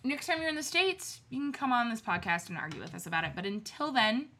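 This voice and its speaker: A woman's voice: on the high side, expressive, fast talker, sharp tone. A young woman co-hosting a live podcast, chatty and laughing often, swearing freely. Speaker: podcast co-host. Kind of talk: casual live podcast chat.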